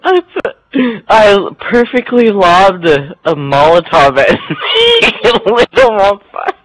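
A young man joking around with friends while playing an online game, goofy and loud, sometimes acting out a rogue cop. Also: high voice, wildly swooping pitch, slow, a little hiss or hum, poor audio. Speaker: gamer. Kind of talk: casual gameplay banter.

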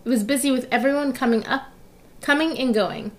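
A woman reading a children's picture book aloud, narrating gently and engagingly, with asides to the listener. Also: sits high, a little fast. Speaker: storyteller. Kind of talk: children's story read-aloud.

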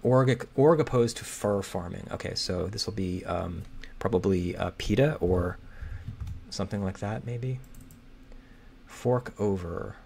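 Man, gravelly voice, slow hesitant muttering, faint keyboard clicks and hiss behind. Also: deep voice, warm tone. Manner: muttering, hesitant, reads clues aloud slowly. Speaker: crossword solver. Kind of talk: thinking aloud while solving. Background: keyboard typing and clicking.

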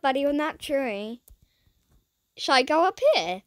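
A woman giving casual gameplay commentary, dramatic and excitable, who keeps talking to her viewers and often drops into a whisper. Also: sits high, a little slow, dry recording, studio quality. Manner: excitable and dramatic, swinging between squeals and whispers; chats to viewers while playing. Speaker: gaming channel host.

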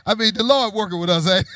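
A male pastor, preaching a sermon in a call-and-response style that rises to shouts. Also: sits high, dry recording.

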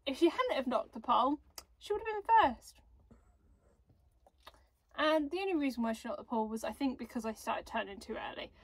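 A woman's voice: high voice, animated, a little fast, long pauses. A young woman vlogging outdoors at a cold dog show on a handheld camera, chatting and talking fondly to her dogs. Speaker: vlogger and dog agility handler. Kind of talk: casual vlog chat.

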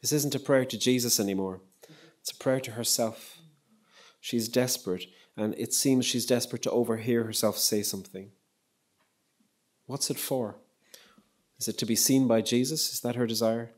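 A man giving a public lecture on poetry and prayer, in a measured, reflective way with frequent pauses. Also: medium pitch. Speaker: lecturer and poet. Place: lecture hall.

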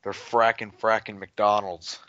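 A man's voice: lowish voice, level tone, unhurried, bright, forceful tone, no echo. A young American man co-hosting a gaming podcast, joking around, exclaiming and playfully crude. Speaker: podcast co-host. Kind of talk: casual chat. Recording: dull, dry home recording.

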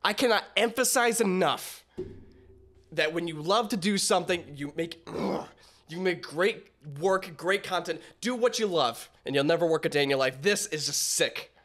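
A man hosting a music reaction video, reacting with loud awe and dropping to soft emotional mutters. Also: fairly high pitch, normal speed. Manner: excitable, swearing in awe, drifting to hushed mutters. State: emotional, tearing up. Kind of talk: casual music reaction commentary.

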